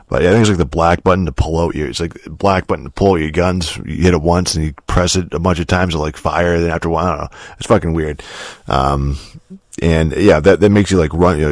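A man's voice: low voice, a little mellow, no room sound, clean studio sound. A man casually reviewing a video game. He rambles, swears constantly, restarts his sentences and chuckles often.

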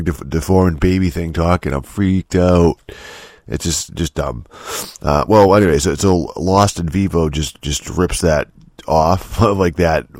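A man with an extremely deep voice talks through a loose, rambling rant, swearing often and sounding exasperated. He restarts his sentences constantly. The recording is dry and close, with no room sound. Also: a little mellow, dry recording. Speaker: game commentator. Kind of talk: casual rant.

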